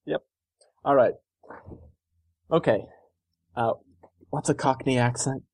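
A man's voice: mid-range voice, slow pace, a little mellow, dry recording. Laughing man co-hosting a podcast. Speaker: podcast co-host. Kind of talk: casual chat.

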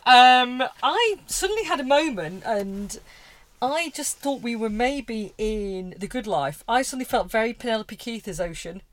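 A woman's voice: a little high, expressive, moderate pace, no echo. A woman co-hosting a podcast in casual, rambling chat. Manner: rambling, chatty, giggly. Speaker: podcast co-host.

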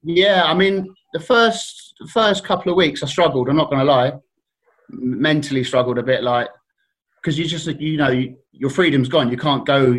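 A man's voice: medium pitch, low-quality recording. A man from Surrey, a guest on a casual podcast, telling stories and acting out other people's voices. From Surrey, England.

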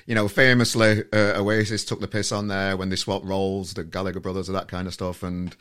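A man's voice: deep voice, flat delivery, brisk, a bit bright, clear, resonant tone. A man hosting a podcast, chatting casually and eagerly, stumbling over his words and laughing along. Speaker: podcast host. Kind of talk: casual chat.

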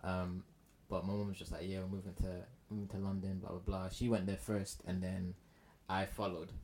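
Deep, laid-back man, mixed Irish accent. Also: level tone, brisk, darkish tone. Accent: mixed Irish with an American tinge. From Ireland. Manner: laid-back, joking, teasing. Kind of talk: casual chat.

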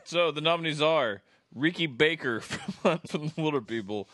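A man's voice: a little high, expressive, moderate pace, a bit bright, no room sound, studio quality. A man hosting a casual chat with friends, reading out nominees and laughing mid-sentence. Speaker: host reading out award nominees.

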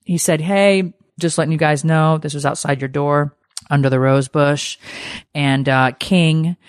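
A woman co-hosting a podcast, telling a story in a casual, animated way and swearing freely. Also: low voice, measured pace, clear, resonant tone, dry recording, clean studio sound. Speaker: podcast co-host.

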